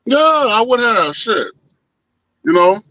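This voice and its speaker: A man telling a story in casual chat, animated and profane, acting out the voices of the people in it. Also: sits high, slow pace, dry recording, low-quality recording. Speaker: podcast co-host.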